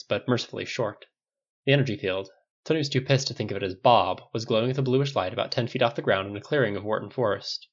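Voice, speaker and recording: A man steadily narrating a fan fiction audiobook. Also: on the low side. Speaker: audiobook reader. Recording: dull lo-fi recording.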